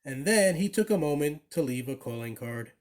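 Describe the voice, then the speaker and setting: A man reading a children's picture book aloud, with expressive, animated storytelling. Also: on the high side, moderate pace. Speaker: storybook reader.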